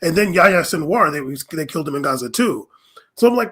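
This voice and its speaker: A man co-hosting a loose political chat, telling a news story in a meandering, earnest way. His voice is a bit high and slightly husky. He hesitates often, filling gaps with ums. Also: expressive, a little fast, a bit bright. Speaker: podcast co-host.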